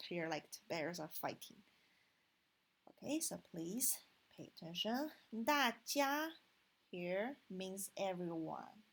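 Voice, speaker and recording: A woman's voice: fairly low pitch, expressive, slow, vocal fry, slightly rough, low-quality recording. A woman with a Chinese accent teaching a language lesson online, patient and explaining step by step with frequent "okay". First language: Mandarin Chinese.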